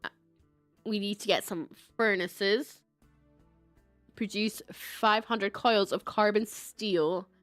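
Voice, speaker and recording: Slow-talking Scottish woman streaming a game. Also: medium pitch, fairly even intonation, dry recording, faint music behind. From Scotland. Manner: chatty, self-mocking, laughs often. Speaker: livestreamer. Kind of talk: casual game commentary.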